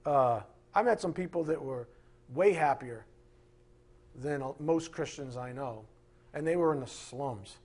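Husky, higher-pitched middle-aged male preacher; emphatic and rhetorical, swinging loud to soft. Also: expressive, a little slow. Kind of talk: sermon.

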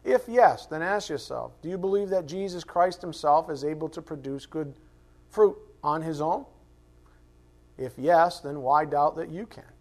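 Higher-voiced man teaching the Bible. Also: measured pace, darkish tone. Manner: conversational, acts out quoted voices, asks rhetorical questions. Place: classroom with a board.

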